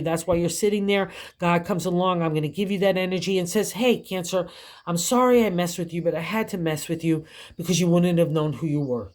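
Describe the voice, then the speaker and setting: A woman's voice: mid-range voice, darkish tone. An older woman giving a tarot reading, chatty and encouraging, laughing often as she talks. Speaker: tarot reader.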